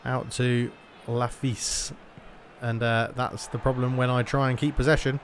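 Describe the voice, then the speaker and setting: A man's voice: mid-range voice, level tone, unhurried, slight background noise. Chatty man commentating gameplay. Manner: chatty, thinks aloud, slips into mock match commentary. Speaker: gaming YouTuber.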